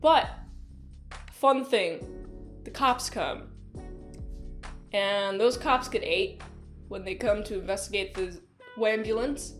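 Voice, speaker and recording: A woman casually reviewing a movie, recapping it in an animated, exclaiming, chatty way. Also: mid-range voice, slow, pauses often, soft background music.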